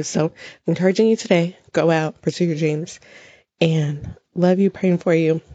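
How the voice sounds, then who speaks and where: A woman's voice: lowish voice, steady tone, moderate pace, dark tone, husky. A young American woman telling a personal story to other mothers in a chatty, encouraging way, with lots of fillers. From United States. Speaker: vlogger addressing mothers. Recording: dull, dry lo-fi recording.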